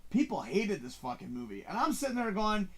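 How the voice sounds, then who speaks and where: Excitable, high-voiced male show host. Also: a little fast, slightly rough. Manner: excitable and profane, acts out his own reactions. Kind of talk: casual movie review chat on a live stream.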